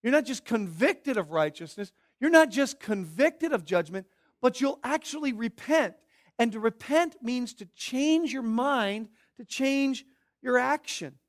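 A preacher with a very high voice delivers a sermon. He works through his points one by one and hits key words hard. Between those stresses he drops to hushed, searching questions. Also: expressive, measured pace. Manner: emphatic, swinging from shouted stresses to hushed questions; teaching in numbered points. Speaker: pastor.

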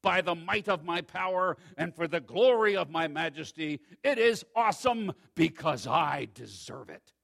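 A pompous ancient king boasts at a slow, stately pace, as a preacher puts him on in his sermon. The voice sits fairly high and bright, and the king lingers grandly over each word. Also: animated, gravelly, full character voice. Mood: boastful.

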